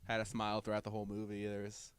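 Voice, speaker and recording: A man's voice: lowish voice, completely flat delivery, racing, clean tone, dry recording. A man co-hosting a casual podcast chat, hesitant and full of fillers and restarts, laughing easily. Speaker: podcast co-host.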